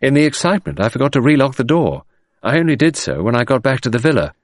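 An earnest young English gentleman, played by a male audiobook reader, owns up meekly and apologetically. His voice moves up and down freely. The reading is close and dry. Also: mid-range voice, big pitch swings, fast, dry recording, pitched above the performer's own voice. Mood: apologetic.

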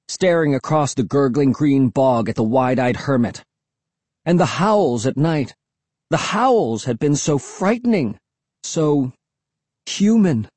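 An audiobook narrator giving a dramatic, expressive first-person reading. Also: medium pitch, slightly rough, no echo.

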